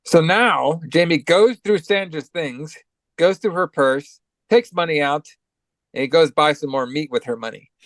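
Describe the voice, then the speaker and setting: A man's voice: a little high, measured pace, dry recording. A man with a cold co-hosting a podcast, giving a loose, profane, filler-heavy recap of a movie. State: has a cold. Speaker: podcast co-host.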